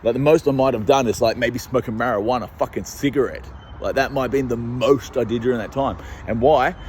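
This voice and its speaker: A young Australian man talks on the move through city streets, rambling from one aside to the next with constant swearing. His voice sits in an ordinary middle pitch and carries a faint hum of traffic behind it. He records on a handheld phone as he walks. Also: a little fast, darkish tone. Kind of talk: rambling walking vlog.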